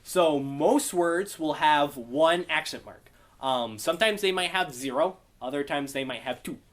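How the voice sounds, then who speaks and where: A young man leads a relaxed beginner class, talking things through in an easy explanatory way. His voice sits slightly high for a man. He often stops to ask his students whether they have any questions. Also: a little slow. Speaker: Bible study Greek teacher. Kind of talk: casual classroom teaching.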